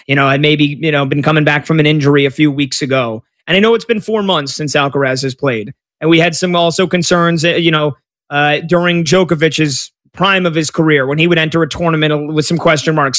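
American guy, kinda high voice, casual sports betting chat, restarts a lot, quick asides. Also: fairly bright tone. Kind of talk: casual betting preview commentary.

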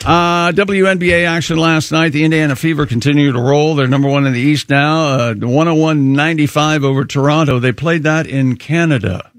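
A man's voice: on the high side, steady tone, no room sound, studio quality. A man on a radio show reading sports and odd news items, joking between them. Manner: reads scores quickly, jokes between items.

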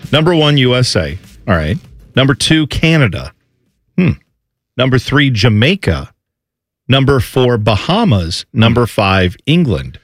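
A man on a talk radio show rambling through a long anecdote. His pitch swings widely as he talks, and the dry studio sound sits close and clean with no room around it. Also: very animated, a little slow, no room sound, soft background music. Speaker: radio co-host. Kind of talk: casual sports-radio banter. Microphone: studio microphone.

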